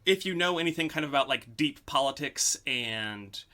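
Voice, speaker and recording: A man's voice: mid-range voice, expressive, normal speed, pushed and bright. A man hosting a podcast, telling a story in casual chat, full of "um" and "like". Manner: storytelling with many "um" and "like". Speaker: podcast host.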